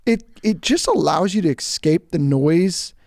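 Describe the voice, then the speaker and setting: Co-host, male, rambling casual talker, gravelly and dry. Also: fairly high pitch, expressive, unhurried, a little mellow, no echo. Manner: rambling, filler-heavy storytelling. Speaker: podcast co-host. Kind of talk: casual chat.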